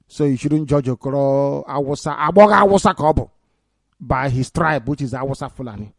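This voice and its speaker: A man's voice: mid-range voice, fairly quick, no room sound. A man with a Nigerian Igbo accent giving mocking news commentary on the radio, laughing often and swinging into indignant outbursts. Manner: sarcastic, laughs often, mixes Igbo into English. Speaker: radio broadcaster.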